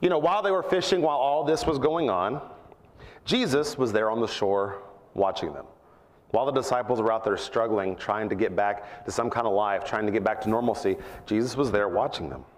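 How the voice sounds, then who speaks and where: A man preaching a sermon at church, earnest and reflective, rising in pitch to stress his points. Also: brisk, long reverb tail, a little hiss or hum.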